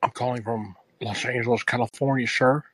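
A man playing a quiet, prim actress calling in, murmuring low and polite. It is an improvised comedy bit. Each line ends on a courteous "sir", set against a dry close mic. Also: steady tone, a little fast, husky, dry recording, low-quality recording. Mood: prim, hushed. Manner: hushed, politely insistent, keeps adding "sir". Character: soft-spoken actress caller, prim and polite, says "sir".

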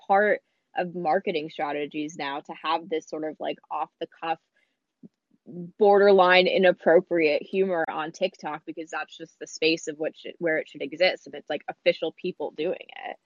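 A woman co-hosting a podcast, mostly adding short agreements and quick questions in casual chat. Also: low-pitched, steady tone, dry recording, highs cut off. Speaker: podcast co-host.

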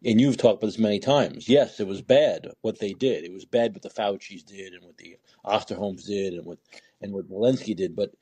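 A man's voice: fairly low pitch, a little fast, dark tone, slightly rough, dry recording. A man hosting a podcast, talking in an emphatic, opinionated way and often repeating words as he builds a point. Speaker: podcast host. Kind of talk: opinionated conversation.

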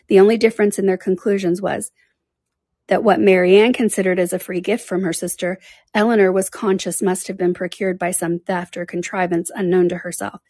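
A woman reading a classic novel aloud in a measured, careful way. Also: mid-range voice, dark tone, no room sound. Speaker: audiobook reader.

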